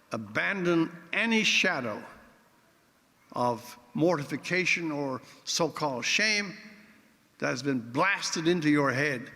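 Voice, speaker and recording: Man, keynote speaker, wry theatrical storyteller, bright forceful voice, big hall reverb. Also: on the high side. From Newfoundland, Canada. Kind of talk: after-dinner speech with anecdotes. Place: large event hall.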